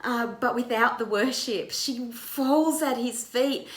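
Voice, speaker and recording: A woman's voice: a little high, slow pace, a bit bright, reverberant. A woman pastor retelling a Bible story in a conversational way, with vivid narration. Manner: vivid retelling, acts out quoted lines.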